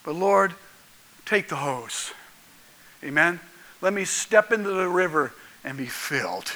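A man's voice: fairly high pitch, animated, a little slow, pushed and bright, rough recording. A male pastor preaching a folksy, jokey sermon that keeps asking the congregation questions.

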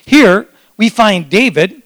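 A man who is a pastor, preaching an animated sermon and calling on his congregation to respond. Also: high-pitched, slow. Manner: animated, excitable preaching with audience call-and-response.

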